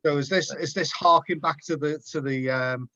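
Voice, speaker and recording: A man's voice: on the high side, moderate pace, bright, forceful tone. A man in casual chat on a video call, asking curious questions about a friend's artwork. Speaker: call participant. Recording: dull lo-fi video call audio.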